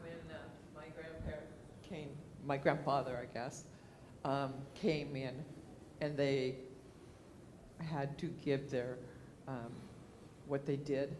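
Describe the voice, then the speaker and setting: Slow, halting man telling a story. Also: medium pitch, fairly even intonation, a little mellow, slight background noise. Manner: halting, searching for words. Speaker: class participant. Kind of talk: telling a family anecdote in class.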